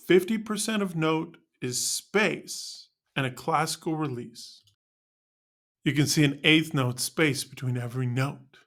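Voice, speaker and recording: A male music teacher narrating a scripted lesson on articulations in a clear, instructional way. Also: on the high side, unhurried, fairly bright tone.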